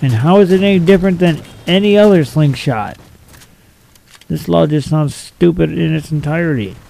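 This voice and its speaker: A man's voice: fairly high pitch, animated, normal speed, vocal fry, dark tone, rough recording. A young man reading out silly laws and mocking each one in a blunt, profane, sarcastic way. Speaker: video commentator.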